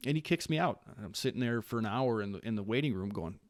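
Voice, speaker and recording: A man in his late thirties, originally from Wisconsin, tells stories as a podcast guest in a relaxed and lively way. He often restarts his sentences and does the voices of the people in his stories. The recording is dry and close, with no room sound. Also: on the low side, fast, dry recording. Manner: animated storyteller who acts out quoted lines, with frequent restarts. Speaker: podcast guest, Marine staff sergeant. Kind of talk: casual storytelling interview.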